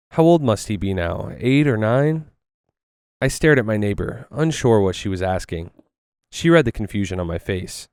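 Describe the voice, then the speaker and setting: A man reading a first-person story aloud while playing a video game, in a steady storytelling manner. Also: medium pitch, moderate pace, clean tone, dry recording, clean studio sound. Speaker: story narrator.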